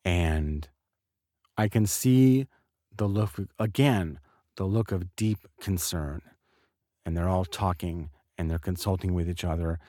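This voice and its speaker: A man's voice: deep voice, darkish tone, no room sound, studio quality. A middle-aged man candidly telling a personal story in a podcast monologue, casual and blunt, with some swearing. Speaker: podcast host.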